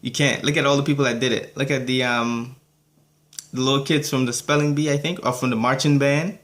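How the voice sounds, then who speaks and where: A man's voice: mid-range voice, fairly even intonation, a little fast, a bit bright. A young man giving a casual, rambling review of a cartoon episode, laughing often between thoughts.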